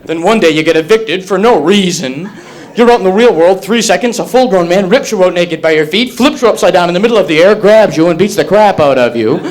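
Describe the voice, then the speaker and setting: A young man from Massachusetts doing a stand-up comedy set, with a wry, rapid-fire delivery. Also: sits high, expressive. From Massachusetts, USA.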